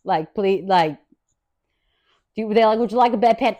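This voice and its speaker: A woman hosting a podcast, telling a wild story in a casual, profane rant, swinging from loud and laughing to low, quiet asides. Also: normal speed, long pauses. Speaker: podcast host.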